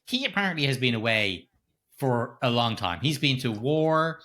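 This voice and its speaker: A man's voice: mid-range voice, very animated, moderate pace, pushed and bright. A middle-aged man co-hosting a podcast, recapping a film in casual, sweary, rambling chat with frequent chuckles. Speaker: podcast co-host.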